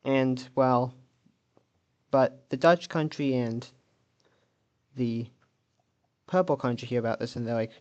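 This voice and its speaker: A man's voice: mid-range voice, steady tone, slow pace, long pauses, darkish tone, muffled recording. A man casually narrating an alternate-history map video, thinking aloud and correcting himself as he goes.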